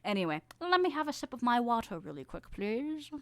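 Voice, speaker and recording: A woman's voice: on the high side, big pitch swings, fairly quick, no room sound. A young woman chatting casually on a live stream, rambling, giggling often and swearing offhand.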